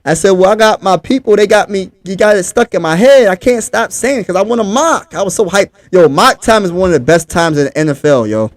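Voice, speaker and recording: A man's voice: high-pitched, animated, fairly quick, hardly any pauses, no echo. A man from Pennsylvania, hosting a casual livestream sports talk show and talking straight to his chat in a hyped way.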